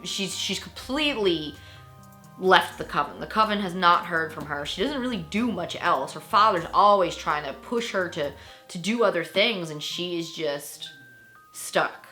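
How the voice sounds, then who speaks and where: A woman giving a casual, chatty book review on her vlog, animated and full of fillers and laughs. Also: on the low side, unhurried, faint music behind.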